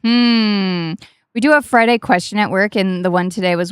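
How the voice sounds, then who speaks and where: Chatty swearing woman streamer, smooth voice. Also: medium pitch, normal speed, no room sound, clean studio sound. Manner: chatty, swears freely, self-mocking. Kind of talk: casual storytelling while gaming.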